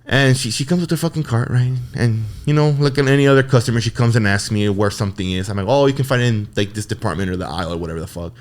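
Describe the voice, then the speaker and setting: A young man co-hosting a podcast, telling profane, animated work stories in casual chat. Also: mid-range voice, fast talker, hardly any pauses. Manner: profane, animated, mimics customers. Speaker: podcast co-host. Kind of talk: casual storytelling.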